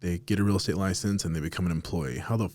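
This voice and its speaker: A man's voice: sits low, fairly even intonation, rapid-fire, a little mellow, a little hiss or hum. A man hosting a casual podcast chat, blunt and emphatic, swearing often as he makes his points. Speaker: podcast host.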